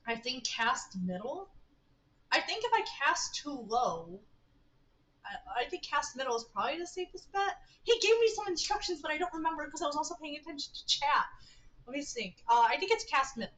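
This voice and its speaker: A chatty, excitable woman live-streaming a game, her voice on the higher side. She reads the game's text aloud between quick asides to her chat, swinging from calm reading to loud outbursts. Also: rough recording. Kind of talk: casual live-stream gameplay with narration read aloud.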